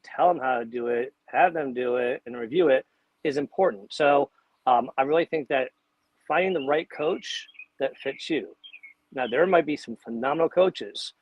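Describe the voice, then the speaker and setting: A man's voice: on the high side, highs cut off. Chatty self-deprecating male coach. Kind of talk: casual panel chat.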